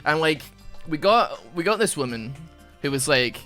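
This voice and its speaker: Lively, bright-voiced rambling gamer guy. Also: a little high, moderate pace, faint music behind. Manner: rambling storyteller, many fillers; animated, bursts of laughter. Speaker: gaming YouTuber. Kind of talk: casual chat over gameplay.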